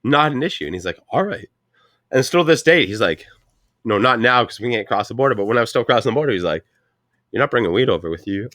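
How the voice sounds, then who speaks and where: A stoned man from Canada in his twenties, rambling through a story with lots of swearing and loud put-on voices for the people he quotes. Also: on the low side, lively intonation, quick pace, no echo, studio quality. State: high on weed. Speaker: podcast co-host. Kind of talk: casual chat.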